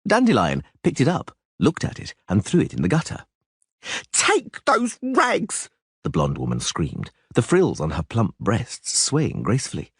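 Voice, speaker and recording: A man narrating a fantasy audiobook with expressive, animated storytelling. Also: sits low, moderate pace, hardly any pauses, slightly rough, dry recording, clean studio sound.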